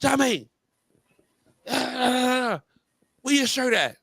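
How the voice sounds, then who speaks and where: A man's voice: very high-pitched, expressive, very slow, bright, forceful tone, breathy edge, no echo, pitched above the performer's own voice, exaggerated voice. A man voicing a stern middle-aged Jamaican father scolding his son, in a clipped, scolding Jamaican accent.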